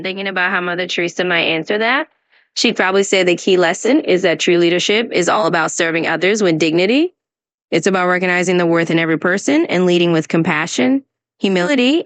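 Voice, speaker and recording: In a dry recording, a synthetic woman's voice of medium pitch and slightly bright tone plays an AI English tutor. Her scripted conversation practice is upbeat and encouraging, mixing answers to questions with pronunciation tips.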